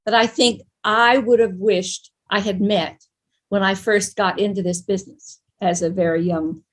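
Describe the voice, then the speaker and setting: An older woman moderating a panel discussion, speaking in a halting way with many fillers. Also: medium pitch, steady tone. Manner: warm, halting, with many ums and uhs.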